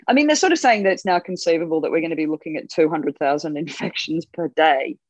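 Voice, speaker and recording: Speaking fairly quickly and with few pauses, this Australian woman comedian has a mid-range voice. As a guest in a casual, comedic chat, she stays wry and laughs at her own darker remarks. The remote home line sounds dull and dry, with no room sound.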